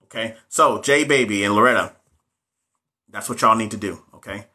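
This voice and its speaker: Bright-voiced man coaching on a live stream. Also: fairly low pitch, moderate pace. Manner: motivational, talks straight to viewers, reads out comments. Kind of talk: casual live-stream chat.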